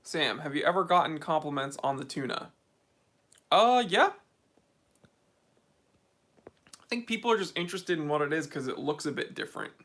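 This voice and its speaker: A man's voice: on the high side, moderate pace, long pauses, a bit bright. An American man hosting a casual livestream Q&A from a home game room, reading and answering viewer comments. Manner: laid-back, reads viewer comments aloud. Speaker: host of a watch channel livestream Q&A.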